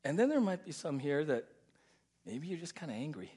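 A man preaching a sermon as pastor, emphatic and repetitive, often dropping soft and low to stress a point. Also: animated, brisk, slightly rough.

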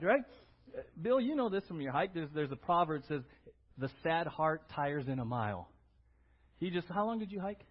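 Male pastor, animated sermon, lively pitch, husky, lo-fi recording. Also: moderate pace, long pauses. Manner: animated, conversational preaching with frequent "right?".

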